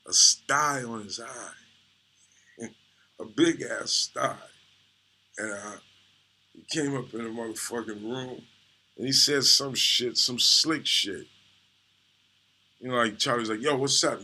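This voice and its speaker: A man's voice: mid-range voice, bright, forceful tone, slightly rough. A man, a comedian, telling a profane, laid-back story full of "you know"s. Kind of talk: casual storytelling.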